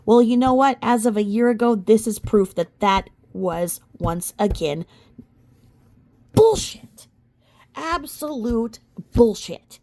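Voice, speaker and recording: Sarcastic gravelly woman reading legal filings. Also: mid-range voice, steady tone, normal speed, hardly any pauses. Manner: sarcastic, mocking asides with sudden loud outbursts. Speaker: commentator reading court documents. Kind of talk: casual commentary reading legal filings aloud.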